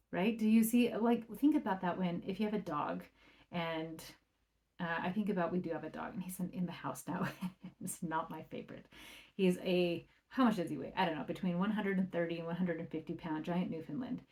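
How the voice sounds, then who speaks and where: Chatty woman parenting coach podcasting. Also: on the low side. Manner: conversational, often adds "right?"; acts out quoted remarks in a livelier or softer voice. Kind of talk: solo podcast talk.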